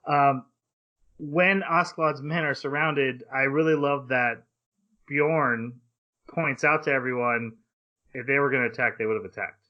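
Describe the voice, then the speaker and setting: A grown man talks through a story on a casual podcast, full of fillers and breezy paraphrase. His pitch sits in an ordinary middle range. The audio is a bit dull and lo-fi. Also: fairly even intonation, measured pace. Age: adult. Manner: recaps the plot at length with fillers and playful paraphrased quotes. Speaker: podcast host. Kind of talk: casual anime discussion podcast.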